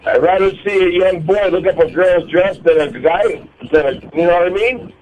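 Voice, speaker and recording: High-voiced male radio caller. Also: normal speed, a little mellow. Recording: dull phone line with faint background noise.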